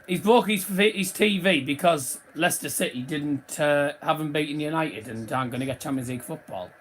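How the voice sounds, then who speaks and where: A man's voice: on the high side, fairly quick. A man hosting a football watchalong, commenting live on the match and chuckling at viewers' messages. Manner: chatty, laughing at fans' bets.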